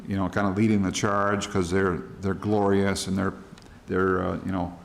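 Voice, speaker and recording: Man, middle-aged, from the US, church Bible study teacher, conversational, gravelly. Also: low voice, little pitch movement, normal speed. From United States. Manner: conversational and plain-spoken, paraphrasing scripture in everyday words. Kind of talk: casual Bible study walkthrough of a worksheet.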